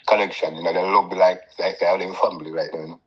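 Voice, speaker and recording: A man's voice: low voice, fairly even intonation, fast talker, breathy edge. A man with a Jamaican accent, a guest in a casual chat, rambling with lots of "yeah, man" fillers. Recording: dull lo-fi call audio.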